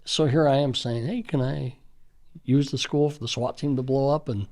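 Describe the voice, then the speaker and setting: A man's voice: mid-range voice, fairly even intonation, normal speed, a little mellow. A middle-aged man, a school safety official, earnestly reminiscing in conversational storytelling with frequent fillers.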